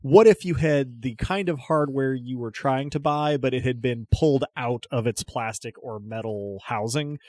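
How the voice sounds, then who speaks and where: A man narrating a tabletop game as game master, describing scenes in a relaxed way with frequent fillers. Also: mid-range voice, moderate pace, hardly any pauses, no room sound, clean studio sound.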